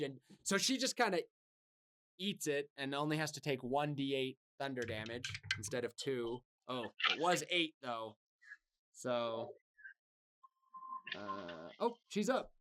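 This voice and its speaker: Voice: medium pitch, a bit bright. Casual, laughing game master. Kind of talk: narrating a tabletop game.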